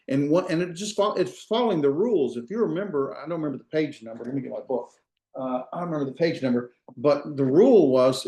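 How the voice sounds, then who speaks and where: A man's voice: medium pitch, darkish tone. Man teaching in an echoey room. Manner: patient, quizzes students with frequent "right?". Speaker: instructor. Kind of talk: online classroom lecture.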